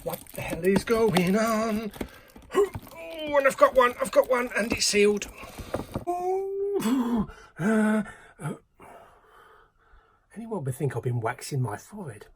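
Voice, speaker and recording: A man's voice: high voice, big pitch swings, takes it slowly, pauses often, fairly bright tone, slight background noise. A man hosting a casual, jokey unboxing vlog, often dropping into whispered asides. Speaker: YouTube host.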